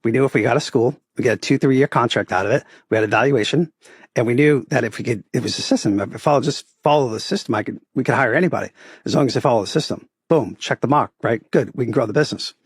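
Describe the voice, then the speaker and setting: A middle-aged man with a Boston accent, his voice gravelly and a little husky. He tells his stories animatedly, acting out the people in them, and the sound is close and dry. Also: mid-range voice, quick pace, dry recording. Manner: animated storyteller, acts out quoted voices, often adds "right?". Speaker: podcast guest, photography business owner. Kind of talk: casual interview storytelling.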